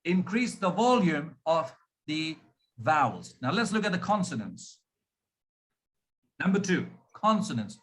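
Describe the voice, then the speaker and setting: A man from India with a polished RP-influenced Indian accent, giving a speech on pronunciation and demonstrating sounds deliberately. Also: fairly high pitch, sing-song, a bit bright. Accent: Indian English, RP-influenced. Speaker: pronunciation coach.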